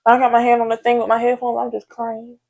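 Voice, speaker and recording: A woman's voice: on the high side, monotone, fast talker, creaky, darkish tone. A young woman, telling a personal story to her viewers in a candid, chatty way. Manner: candid, chatty, talks straight to viewers with frequent "like" and "y'all". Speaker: vlogger. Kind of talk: casual storytime chat.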